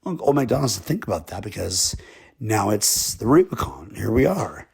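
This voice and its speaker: Raspy, gravelly man spinning a yarn. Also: lowish voice, big pitch swings, normal speed, darkish tone. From Texas. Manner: drawling, rambling, chuckling asides. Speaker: comedic storyteller. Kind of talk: rambling comic storytelling.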